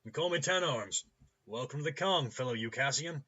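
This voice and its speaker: A man voicing a hungover, cheerful male cyber-doctor with a loose Midwestern accent, shouting and joking. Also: mid-range voice, big pitch swings, fairly quick, muffled recording, voice pushed up. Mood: boisterous. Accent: loose Midwestern American. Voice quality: shouty, boisterous, jokey.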